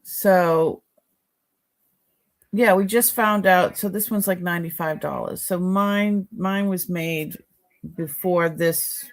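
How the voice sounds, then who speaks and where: A woman with a Boston accent talks slowly and casually, thinking out loud as she looks over pieces of jewelry. Her voice sits a little low, and her delivery is relaxed and unhurried. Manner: chatty, musing aloud while examining items. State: sore neck. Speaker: live-sale jewelry seller. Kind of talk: casual live-stream chat.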